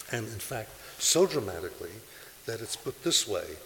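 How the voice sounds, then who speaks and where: Emphatic preacher in a reverberant hall. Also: male voice, fairly low pitch, sing-song, moderate pace, creaky. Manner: emphatic, rising to forceful peaks when quoting scripture. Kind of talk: sermon. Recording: hissy recording in a large reverberant hall.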